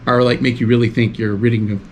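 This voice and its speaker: A man's voice: mid-range voice, flat delivery, brisk, a little mellow, a little hiss or hum. A man, a guest in a casual chat, rambling loosely with lots of fillers.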